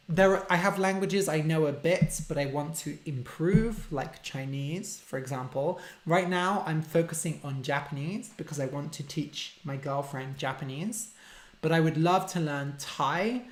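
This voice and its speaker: A man, a language teacher hosting a casual live-stream Q&A, reading out viewer questions and explaining simple words for learners. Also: on the high side. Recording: roomy echo.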